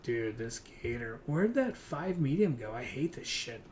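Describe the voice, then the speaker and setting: A man's voice: medium pitch, very animated, unhurried, darkish tone, a little hiss or hum. A young man chatting casually while streaming a hunting game, rambling and swearing often as he talks to other players and his kid. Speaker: gaming streamer.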